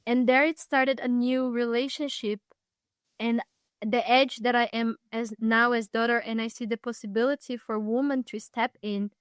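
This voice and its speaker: Young woman, guest, fairly high voice, thoughtful, halting, frequent restarts, dry close sound. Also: steady tone, clean tone, no echo. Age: young adult. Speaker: podcast guest. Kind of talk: reflective personal storytelling.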